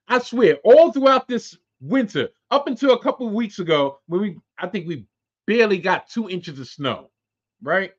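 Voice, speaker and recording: A man's voice: high-pitched, husky. A man in his forties hosting a solo podcast, ranting with a lot of profanity. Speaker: podcast host. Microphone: close to webcam. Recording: dull lo-fi sound.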